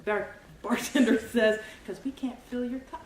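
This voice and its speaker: A woman's voice: on the high side, fairly even intonation, normal speed. A woman improviser telling a bar joke, giggling as she goes. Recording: distant, echoey, noisy.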